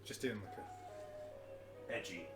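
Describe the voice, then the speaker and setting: A man's voice: measured pace, a bit bright. A man bantering with a friend, with dry, sarcastic teasing and nerdy tangents. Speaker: streamer's friend. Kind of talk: casual banter. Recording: echoey room, music behind. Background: music.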